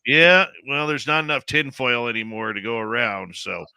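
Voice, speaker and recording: A man's voice: mid-range voice, lively intonation, moderate pace, vocal fry, sharp tone, clear, resonant tone, no room sound. A man hosting a radio talk show, asking questions with wry, joking asides. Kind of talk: casual interview talk.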